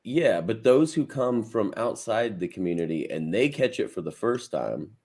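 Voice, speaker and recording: A man's voice: lowish voice, sing-song, moderate pace, a little mellow. A man hosting a crypto live stream, chatting upbeat and speaking straight to viewers. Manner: upbeat, addresses viewers as guys. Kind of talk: casual chat.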